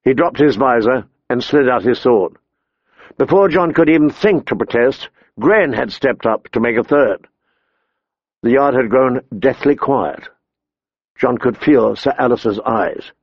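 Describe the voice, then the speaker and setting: A male narrator reads a story in a steady, measured way, his voice carrying a gravelly, creaky texture. The recording is very dry and slightly dull, as if close-miked in a treated booth. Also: medium pitch, dry recording. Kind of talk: audiobook narration.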